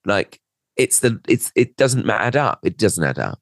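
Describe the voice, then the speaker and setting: Guy rambling through a story on a podcast, lowish voice, bouncy, dry close mic. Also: very animated, moderate pace, creaky, dry recording. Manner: rambling storyteller, self-mocking, trails off. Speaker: podcast co-host. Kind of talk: casual chat.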